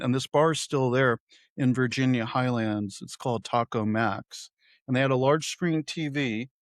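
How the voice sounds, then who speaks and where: A man's voice: mid-range voice, no echo. A middle-aged man co-hosting a podcast, telling wry, self-deprecating anecdotes in casual chat. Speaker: podcast co-host.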